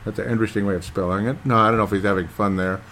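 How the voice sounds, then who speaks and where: Male host, low-pitched, hesitant and chatty, reads fan comments, light background hiss. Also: steady tone, rapid-fire, a bit bright. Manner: rambling, hesitant, with many fillers. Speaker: podcast host reading listener comments. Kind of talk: casual chat.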